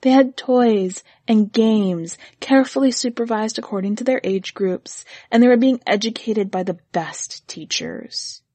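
Woman narrator, husky tone, dry close sound, steady storybook reading. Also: a little high, measured pace, hardly any pauses, no echo.

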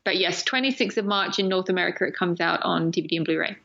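A woman guest in a casual podcast interview, chatty and quick to laugh. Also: fairly low pitch, gravelly, a bit bright, highs cut off.

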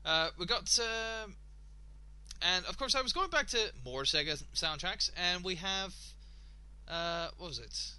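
A man hosting a radio show, ranting and swearing in exasperation, his voice slightly hoarse. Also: high-pitched, expressive, measured pace, sharp tone. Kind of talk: casual solo radio talk.

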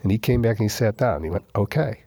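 A man guest in a casual interview, telling his recovery story with lively retellings, acting out quoted dialogue and repeating lines for emphasis. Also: lowish voice, fast, slightly rough, dry recording.

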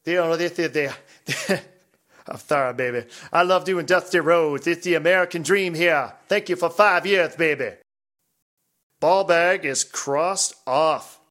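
A man with a slightly high voice reads listener emails aloud on a casual podcast. He jokes around and laughs often between the lines. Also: measured pace, fairly bright tone. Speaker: podcast co-host.

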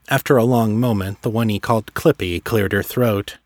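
Male narrator, low and measured, dramatic fantasy reading, dry booth sound. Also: no room sound. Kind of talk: scripted narration.

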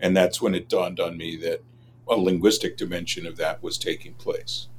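Deep-voiced man explaining like a scholar. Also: steady tone, breathy edge. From Los Angeles, USA. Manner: measured, explanatory, academic. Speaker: linguist, guest expert. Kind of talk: interview answers.

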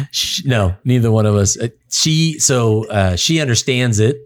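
A man's voice: medium pitch, very animated, slow, dry recording. A man co-hosting a podcast, chatting casually in a laid-back way and laughing often. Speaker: podcast co-host.

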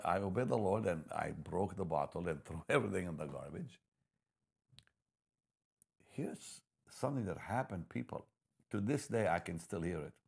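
Gravelly deep-voiced male preacher. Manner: swings between hushed storytelling and loud emphatic preaching. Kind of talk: sermon with personal testimony.

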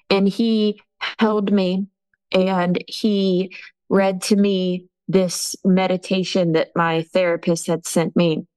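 A young woman crying as she tells a painful personal story, halting and restarting often. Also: fairly low pitch, a little mellow, poor audio. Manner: tearful, halting, many ums and restarts. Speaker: interview guest telling her story. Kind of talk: emotional personal account.

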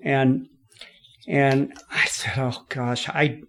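A man from California, a podcast guest, telling his story in a lively way, laughing often and acting out what people said. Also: mid-range voice, slow pace. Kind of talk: storytelling in an interview.

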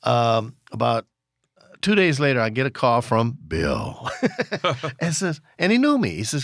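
A man spins rambling stories about his record store, stopping and restarting and chuckling as he goes. His voice sits in a middle pitch for a man. The sound is close and dry. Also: very animated, takes it slowly, a bit bright, no echo. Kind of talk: casual storytelling in conversation.

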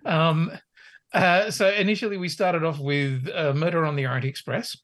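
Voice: medium pitch, steady tone, normal speed, a bit bright. A podcast co-host in casual chat who rambles, swears and laughs a lot.

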